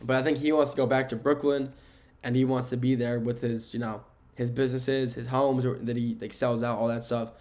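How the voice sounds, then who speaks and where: A man's voice: medium pitch, little pitch movement, fairly quick, a little mellow. A young man hosting a casual sports podcast from a room at home, giving rambling, opinionated takes and correcting himself as he goes. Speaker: podcast host. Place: home room with window blinds.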